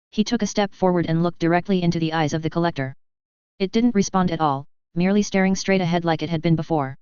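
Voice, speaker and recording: Lowish woman voice reading a story, real smooth, kinda muffled dry recording. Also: quick pace, a little mellow, no echo. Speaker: fanfiction reader. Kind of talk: scripted narration of a story.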